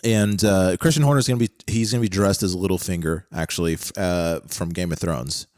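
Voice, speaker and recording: A male podcast co-host chats casually in a very low voice, excitable and full of jokes. He repeats himself a lot. The recording is close and dry. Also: a little fast, no room sound. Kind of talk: casual chat.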